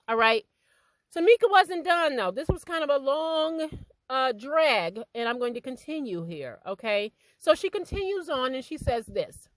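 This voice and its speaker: A woman talks through celebrity gossip in a casual vlog, her high voice leaping up and down as she punches key words. She drops into low, quiet asides now and then. The sound is close and dry, with no room echo. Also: big pitch swings, normal speed. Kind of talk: casual gossip commentary, reading a statement aloud.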